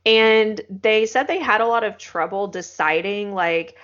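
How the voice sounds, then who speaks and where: A woman's voice: medium pitch, a little slow, fairly bright tone, highs cut off. A woman co-hosting a podcast in a casual, chatty way, with many fillers. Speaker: podcast co-host. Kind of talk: casual chat.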